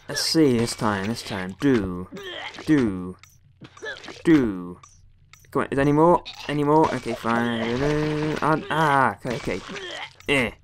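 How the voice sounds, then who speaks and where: A man's voice: mid-range voice, noisy background. A young man from the West Country of England doing let's play commentary, exclaiming and grumbling at the game as he plays. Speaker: gaming video host.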